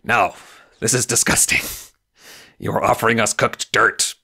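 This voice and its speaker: A man's voice: fairly low pitch, fairly even intonation, a little slow, gravelly, bright, forceful tone, husky, heavily acted. Man doing a stern Martian rebel captain. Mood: indignant. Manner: formal, indignant pronouncements.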